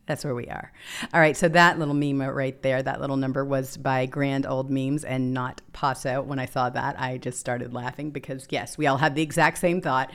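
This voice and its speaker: Woman talk host, low-pitched, sarcastic and emphatic commentary. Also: fairly even intonation, normal speed. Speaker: political talk show host. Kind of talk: opinion commentary.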